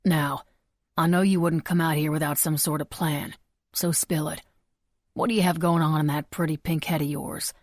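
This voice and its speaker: A woman's voice: sits low, fairly even intonation, moderate pace, dry recording. A woman voicing a blunt, teasing young man. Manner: casual, blunt, lightly mischievous. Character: easygoing teasing young man, old friend. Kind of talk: audiobook character voice. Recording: dry close recording.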